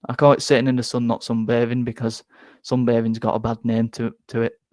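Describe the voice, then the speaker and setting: A man's voice: mid-range voice, completely flat delivery, brisk, darkish tone, dry recording. A man with a Northern English accent chatting casually and rambling in a self-deprecating way about what he likes. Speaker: football fan channel host. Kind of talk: casual chat.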